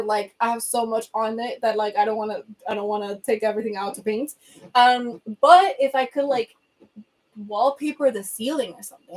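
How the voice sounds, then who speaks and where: A young Venezuelan woman, a Spanish speaker with a Venezuelan accent, chatting bubbly and fast on a phone livestream from a reading corner at home. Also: on the high side. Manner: bubbly, chatty, quick asides and laughs. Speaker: livestream host. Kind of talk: casual livestream chat reading comments.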